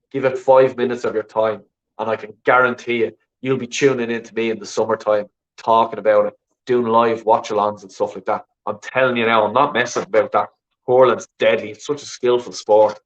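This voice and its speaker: A man's voice: mid-range voice, steady tone, moderate pace, muffled recording. An Irish man chatting casually on a call-in show, talking in an emphatic, insistent way. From Ireland.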